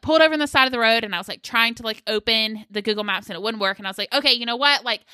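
A woman's voice: fairly high pitch, bright, forceful tone, no room sound. A young woman speaking casually and earnestly, telling a personal story and encouraging listeners in their faith, with many filler likes. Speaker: Christian devotional speaker.

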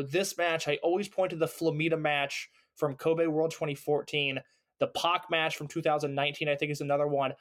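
A man's voice: a little high, a bit bright. A man co-hosting a podcast, talking enthusiastically and rambling, often restarting sentences. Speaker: podcast co-host. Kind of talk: casual chat, wrestling review.

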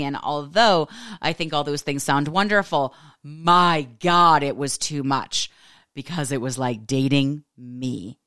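Very low-voiced Californian woman. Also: clean tone, no echo, clean studio sound. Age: 40s. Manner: fast-talking, says "like" a lot, animated. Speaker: podcast host. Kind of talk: casual storytelling.

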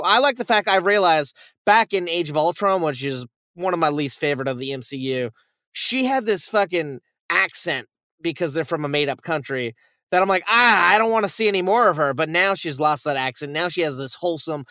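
A man's voice: fairly high pitch, fairly quick, bright, forceful tone, clean tone, dry recording, clean studio sound. Casual profane male podcast co-host. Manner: loose, profane, enthusiastic. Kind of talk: casual review chat.

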